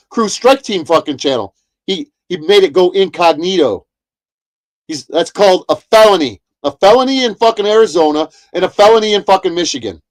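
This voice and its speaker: A man ranting heatedly on a livestream, profane and repetitive. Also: high-pitched. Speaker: streamer. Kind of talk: angry livestream rant.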